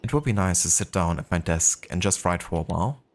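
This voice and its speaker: Determined young woman painter, German accent, read straight by a low-voiced man. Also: animated, fairly quick, a little hiss or hum. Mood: earnest. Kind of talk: reading game dialogue aloud.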